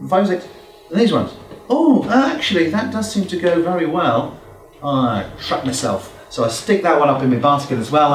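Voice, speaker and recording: A man gives a talk to a business crowd, joking and acting out shop conversations. His voice swings widely in pitch and sits a little high. He sounds distant in an echoey hall. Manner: lively, joking, acts out customer exchanges. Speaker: business speaker. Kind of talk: live talk to a business audience. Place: hall with a small audience. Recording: echoey room, from far off.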